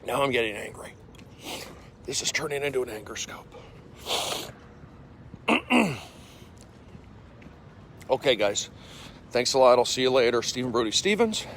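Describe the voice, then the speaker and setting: A man in his forties, a comedian livestreaming from his phone while walking outdoors. He speaks in casual chat, reads viewer comments aloud, and coughs and clears an irritated throat. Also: medium pitch, a little slow, long pauses, a little hiss or hum. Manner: animated, jumping from loud bursts to mumbled asides.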